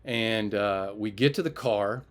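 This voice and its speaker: A man shares a personal testimony from the pulpit, telling it as a story. His voice jumps up when he acts out the other people in it. It falls soft and low when he recalls his prayers. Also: unhurried. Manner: animated retelling, raises his voice for others and drops low and quiet for prayer.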